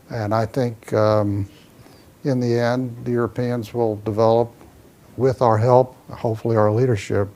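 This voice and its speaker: This ambassador's voice is lowish and a little mellow as he gives a forceful public talk at a forum. He roams around restlessly, telling stories and fielding audience questions.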